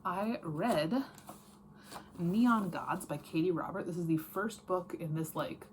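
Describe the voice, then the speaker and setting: A woman with a low-pitched voice talks through her recent reads in a loose, chatty way, correcting herself as she goes. She is blunt and easygoing, and a faint hum of the room sits under her voice. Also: takes it slowly. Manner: chatty, frank, lots of fillers and self-corrections. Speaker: book vlogger. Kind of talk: casual reading wrap-up chat.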